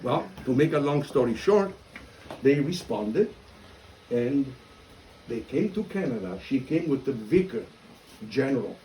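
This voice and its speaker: Man, priest, Italian accent, animated storyteller, self-mocking, mid pitch, faint background ambience. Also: a little slow, long pauses, slight background noise, poor audio. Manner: animated, self-mocking storyteller who acts out quoted dialogue. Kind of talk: storytelling talk.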